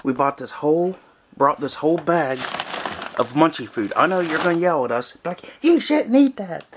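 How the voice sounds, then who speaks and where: A man's voice: fairly high pitch, normal speed, background noise. Rambling man chatting to camera. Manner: rambling, chatty, many fillers. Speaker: vlogger on a cabin trip. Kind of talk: casual chat to camera. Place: small cabin in the woods.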